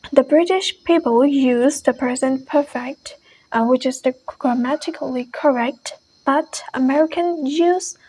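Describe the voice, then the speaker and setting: A woman teaches an English pronunciation lesson, explaining each point in a measured way and saying every example word twice. Her voice sits high, and the recording is rough.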